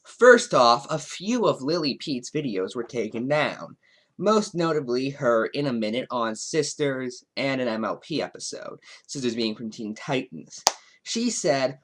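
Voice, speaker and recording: A man hosting a commentary video, talking in a sarcastic, mocking way. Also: measured pace. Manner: sarcastic, mocking, with lively swings in pitch. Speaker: commentary YouTuber.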